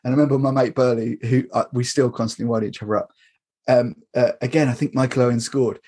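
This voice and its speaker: A man's voice: medium pitch, steady tone, quick pace, darkish tone, slightly rough. A man, chatting casually as a podcast guest, laughing often and restarting his sentences. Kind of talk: casual chat.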